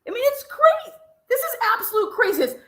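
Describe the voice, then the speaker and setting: A woman's voice: very high voice, sing-song, fast, fairly bright tone, roomy sound. A woman host giving mocking, profane reaction commentary, swearing and laughing in disbelief. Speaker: podcast host reacting to a clip.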